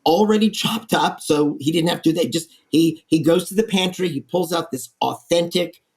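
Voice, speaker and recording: A man, an architect guest, telling stories in a lively, animated way in a podcast interview. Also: fairly high pitch, moderate pace, husky. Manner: lively storyteller, acts out quoted voices.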